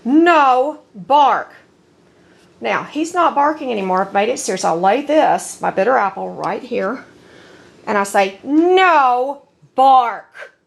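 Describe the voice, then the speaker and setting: Indoors at home, a woman films her dogs on a handheld camera, narrating in an expressive, gravelly, mid-range voice at normal speed. Her casual chatter rambles, broken up by firm commands to the dogs.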